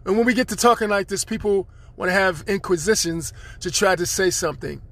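Brisk and high-voiced with a slightly bright tone, this podcast host preaches his way through a meandering spiritual monologue, chanting the same phrases again and again.

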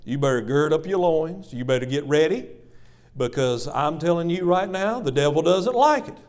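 A pastor delivers a sermon from the pulpit, his somewhat high voice leaping up for emphasis and sinking to a near murmur. He talks in repetitive, rhetorical runs, often calling the congregation folks. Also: animated, moderate pace. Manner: dramatic swings between loud emphasis and hushed asides. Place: church.

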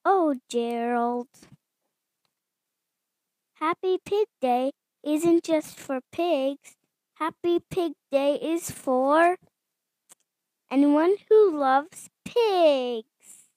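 A woman voicing an excitable, cheerful female pig from a picture book in a slow, eager, sing-song reading. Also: high-pitched, no room sound, heavily acted. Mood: excited.

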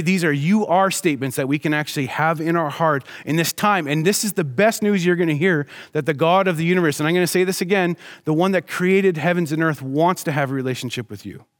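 A middle-aged male pastor gives a sermon in a relaxed, conversational way and tells family stories. His voice sits somewhat high for a man. He slows right down to stress the points he wants to land. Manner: storytelling, conversational, slows for emphasis.

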